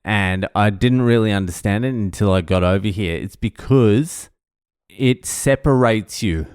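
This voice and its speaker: A man's voice: fairly low pitch, a little slow, darkish tone, clear, resonant tone, dry recording, studio quality. An Australian man telling a story casually, swearing often and mocking himself. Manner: sweary, self-mocking anecdote with laughs. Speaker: vlogger.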